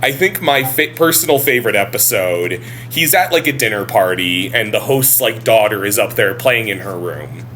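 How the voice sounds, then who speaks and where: Animated man chatting on a podcast. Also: fairly low pitch, normal speed, few pauses, slight background noise. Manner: animated, laughs often, swears casually. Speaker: podcast co-host. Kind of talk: casual podcast chat.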